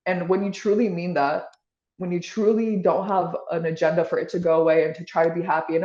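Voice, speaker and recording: A woman's voice: on the low side, quick pace, a little mellow, roomy sound, highs cut off. A woman being interviewed, talking in a casual, rambling way with lots of "like" and restarts. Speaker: podcast guest.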